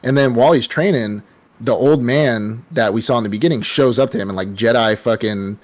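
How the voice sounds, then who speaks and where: A man's voice: mid-range voice, fairly quick. A young man hosting a casual anime podcast, retelling a show in a rambling, profane way full of fillers. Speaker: podcast host.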